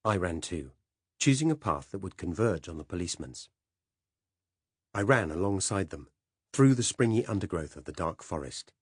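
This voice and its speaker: A man narrating an audiobook in a measured, dramatic first-person telling. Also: low-pitched, very animated, breathy edge, no echo, studio quality.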